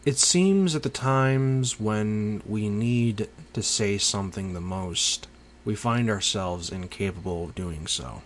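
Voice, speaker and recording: A man delivering a slow, pensive spoken monologue with long pauses. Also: on the low side, a little hiss or hum.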